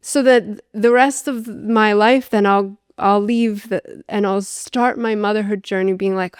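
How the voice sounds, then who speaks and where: Animated woman telling a personal story. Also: medium pitch, a little slow, few pauses, clean tone, no room sound, studio quality. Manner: animated, filler-heavy, re-enacts dialogue. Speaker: podcast guest.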